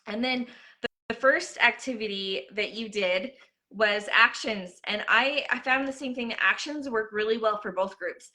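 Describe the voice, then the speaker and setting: Enthusiastic bright-voiced woman host. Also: a little high, moderate pace. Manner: enthusiastic, warmly praising. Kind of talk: casual chat about teaching.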